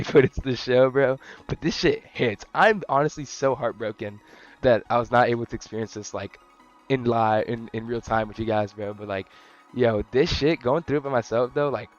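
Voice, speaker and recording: A young man casually rambling through an anime review, slangy, profane and excitable. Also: medium pitch, normal speed, muffled recording, soft background music. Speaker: anime vlogger.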